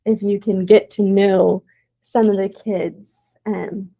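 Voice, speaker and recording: A woman's voice: medium pitch, level tone, takes it slowly, creaky, mellow, rough recording. A young woman teacher giving a casual presentation to teaching aides, with plenty of "um"s along the way. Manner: casual, with many "um"s and "y'all".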